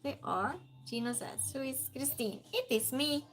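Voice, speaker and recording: A woman's voice: high-pitched, measured pace, soft background music. A woman from Sweden, hosting a casual livestream, chatting, laughing often and reading viewer comments aloud. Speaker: streamer host.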